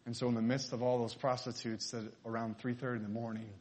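A man at a middle pitch preaches through a story. He voices each character's lines as he tells it, in a sermon style. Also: little pitch movement, fast, a little mellow.

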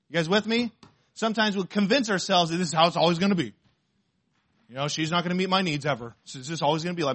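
High-voiced preaching man. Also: fairly bright tone. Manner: earnest preaching, reads scripture aloud slowly, asks the congregation questions. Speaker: pastor. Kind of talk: sermon.

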